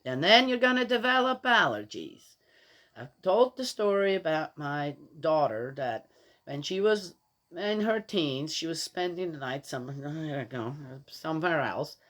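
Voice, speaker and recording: A woman's voice: low-pitched, expressive, unhurried, fairly bright tone. Older woman, grandmother, casual rambling monologue, opinionated, exasperated, chatty. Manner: frequent restarts and laughs while talking.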